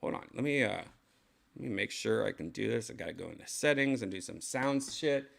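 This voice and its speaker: A man's voice: on the low side, expressive, fairly quick, gravelly, a bit bright. A man livestreaming casual chat to his viewers, loose and rambling, swearing casually as he tests gear. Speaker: vlogger testing a VR headset mic.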